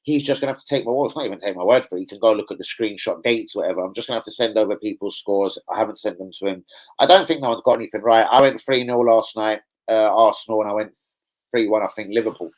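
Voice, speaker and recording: A man's voice: fairly low pitch, fast talker, low-quality recording. A young man hosting a football fan stream, chatting casually, rambling and swearing with plenty of slang. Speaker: football fan channel host. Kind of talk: casual live-stream reaction chat.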